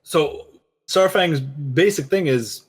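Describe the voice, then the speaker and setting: A man co-hosting a casual discussion, telling a story with lively quoted lines. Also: a little high, slow pace, husky. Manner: animated storytelling, quoting characters. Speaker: podcast co-host.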